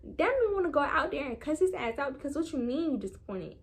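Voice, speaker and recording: Young woman, animated storytelling, slangy, direct to viewers, slightly high voice. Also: fast talker. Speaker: vlogger. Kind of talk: storytime vlog.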